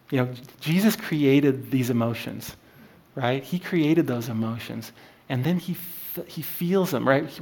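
Man in a mid-range voice leading a casual Bible study, halting, full of fillers and restarts. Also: medium pitch, a little mellow. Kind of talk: informal Bible teaching.

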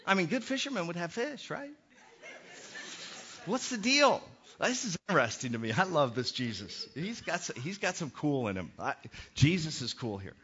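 A middle-aged man preaching a sermon as pastor, animated and acting out the voices he quotes. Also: fairly high pitch, brisk, slightly rough. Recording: muffled lo-fi sermon recording.

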